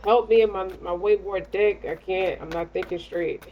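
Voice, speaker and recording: A woman's voice: mid-range voice, fairly even intonation, normal speed, mellow, dull audio, a little hiss or hum, close to an everyday voice. A woman voicing an anxious lover begging to be rescued from distress. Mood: pleading. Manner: pleading, begging.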